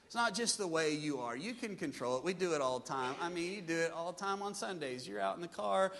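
A pastor preaching a sermon with lively delivery, acting out his listeners' excuses in changing voices. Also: fairly high pitch, brisk, creaky, big-room sound. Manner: animated preaching, mimics congregants' excuses.

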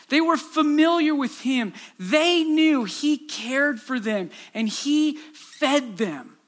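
A man's voice: very high-pitched, bright, forceful tone. A pastor preaching a sermon to his congregation, telling stories earnestly and asking rhetorical questions.

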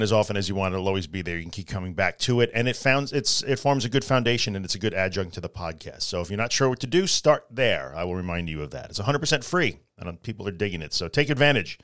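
A man's voice: on the low side, fairly bright tone, clear, resonant tone, dry recording, clean studio sound. A middle-aged man hosting a solo podcast, talking casually but earnestly and repeating his key phrases for emphasis. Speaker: podcast host.

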